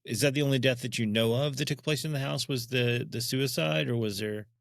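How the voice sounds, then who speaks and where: A man's voice: medium pitch, a little fast, creaky, no room sound, clean studio sound. A man hosting a podcast, asking his guest questions hesitantly, with frequent restarts. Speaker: podcast host. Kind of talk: casual interview.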